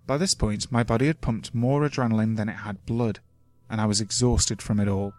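A man reading first-person scary stories from the woods as scripted horror narration, steady and measured. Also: on the low side. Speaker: creepypasta narrator. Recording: faint music underneath.

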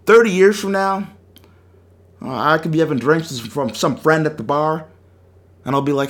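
A young man with a voice on the high side hosts a sports talk show, speaking at normal speed with long pauses. He tells an emotional story in an animated way, acting out the quotes.

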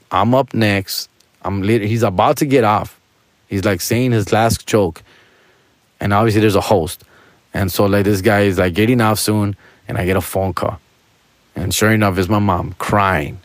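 Slangy, low-voiced comedian telling a story. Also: male voice, no room sound. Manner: slangy and candid, heavy with street slang tags. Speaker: stand-up comedian, podcast host. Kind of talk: casual storytelling to listeners.

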